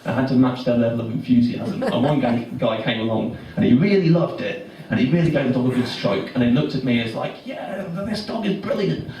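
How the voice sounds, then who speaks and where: A young Englishman tells a meandering stand-up story, stopping and restarting with awkward, deadpan asides. His voice sits at an ordinary middle pitch. He is heard from across a very echoey live room, with noise running underneath. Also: fast talker, hardly any pauses, distant mic. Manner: rambling, self-interrupting, awkward deadpan. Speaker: stand-up comedian. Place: comedy club stage with audience laughing.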